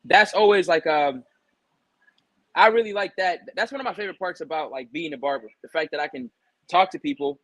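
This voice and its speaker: A young adult man, a barber guest on an interview show, talks casually and tells stories packed with retold back-and-forth dialogue and "um"s. His voice sits a little high for a man. The sound is dry and close, with no room echo. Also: a little fast. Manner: relaxed storytelling with many fillers and retold dialogue.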